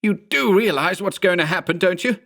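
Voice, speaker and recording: A man voicing a panicked, furious balding thirty-year-old man who shouts and swears frantically. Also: sits high, lively intonation, a little fast, vocal fry, pitched above the performer's own voice, full character voice. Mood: frantic yelling.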